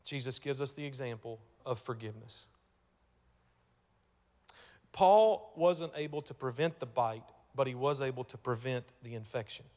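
A man preaching a sermon as pastor, telling a story and repeating words as he starts, moving between hushed and loud passages. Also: medium pitch, normal speed, big-room sound. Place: church sanctuary.

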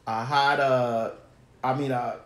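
A woman's voice: a bass voice, steady tone, takes it slowly. A woman hosting a casual chat, telling brash, profane, rambling stories. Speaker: host. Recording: roomy echo.

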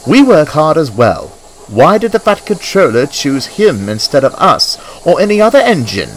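A man's voice: a little high, very animated, moderate pace, a little hiss or hum, pitched above the performer's own voice. A man voicing a cross, complaining male engine in a storybook reading. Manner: sulky, complaining.

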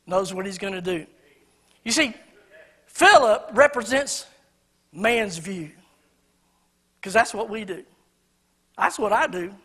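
A man preaching a sermon in a church, swinging between loud emphatic lines and quiet storytelling. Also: extremely high pitch, breathy edge. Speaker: pastor. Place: church sanctuary.

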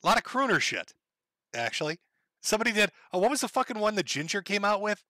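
Minnesota guy streaming, swears a lot, rambles, pretty high bright voice. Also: very animated, quick pace, dry recording. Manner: rambling, profane, laughing asides. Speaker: livestream host. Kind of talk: casual livestream commentary.

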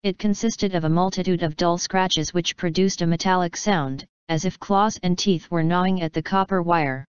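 A woman narrating a classic novel as an audiobook in a measured storytelling manner. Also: lowish voice, clean tone, dry recording. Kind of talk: scripted narration. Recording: slightly dull, dry recording.

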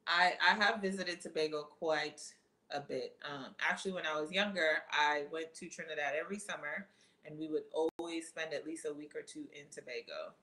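A woman athlete answering viewer questions in a casual, excitable chat, full of "um" and "like.". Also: sits low, normal speed, low-quality recording. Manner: animated, excitable, many fillers.

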